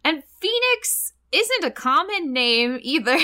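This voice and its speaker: A woman co-hosts a podcast in loose, casual chat, with a bright, clear voice. She laughs often and swears freely, with animated delivery. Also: high voice, slow. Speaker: podcast co-host.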